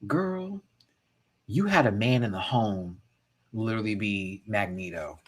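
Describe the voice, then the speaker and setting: A man's voice: fairly low pitch, lively intonation, unhurried. A man in his thirties hosting a casual pop-culture rant, sassy and campy with frequent laughs. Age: 30s. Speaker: host.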